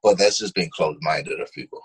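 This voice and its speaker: A man's voice: sits low, brisk, husky. A man with a New York accent telling blunt, profane stories as a podcast co-host in casual chat.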